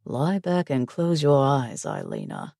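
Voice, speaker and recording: A woman narrator voicing a possessive, commanding young mafia husband in a low, husky, domineering tone for an audiobook. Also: huge pitch swings, unhurried, dark tone, no room sound, clean studio sound, exaggerated voice. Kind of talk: audiobook character voice.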